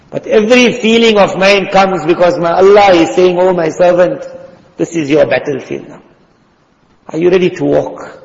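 A male preacher giving an impassioned sermon in a mosque. He acts out the people he quotes and sometimes drops almost to a whisper. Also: high voice. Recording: dull lo-fi sound in a reverberant hall.

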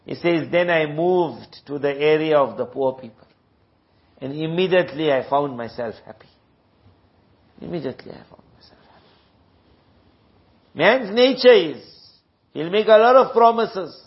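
A man from South Africa preaches a sermon, moving between storytelling and recited Arabic verses. His voice sits a little high, and the recording sounds dull and lo-fi. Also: normal speed.

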